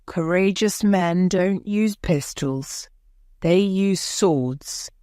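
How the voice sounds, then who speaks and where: A woman's voice: on the low side, very slow, dark tone, clean tone, no room sound, clean studio sound. A woman voicing a boastful, greedy male army sergeant in an audiobook, blustering as she speaks. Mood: scornful. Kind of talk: audiobook character voice.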